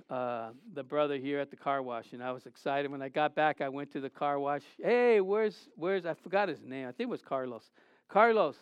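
A male pastor preaching a sermon, telling personal stories with animated delivery and acted-out quotes. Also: on the high side, clear, resonant tone, dry recording, muffled recording. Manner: animated preaching, storytelling, acts out quoted voices.

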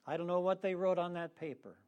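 A man preaching a sermon, leading the congregation in call-and-response with slow, emphatic phrasing. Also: high-pitched, steady tone, lo-fi sound.

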